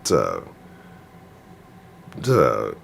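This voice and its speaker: Profane, animated male sports-show host. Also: extremely low pitch, extremely slow, vocal fry, slight background noise. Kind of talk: casual live-stream sports rant.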